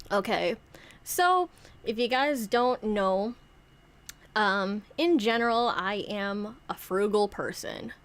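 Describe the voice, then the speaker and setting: A young woman streamer chatting casually in a playful, rambling way, often interrupting herself as she acts out skits with her toys. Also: medium pitch. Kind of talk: casual chat.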